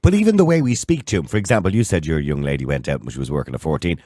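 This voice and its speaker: A very deep-voiced Irish man in his sixties hosts a call-in radio show. He talks quickly with a lively, swinging delivery, blunt and opinionated. The sound is close and dry, with no room around it. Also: no echo. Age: 60s. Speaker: radio talk show host. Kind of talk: phone-in radio chat.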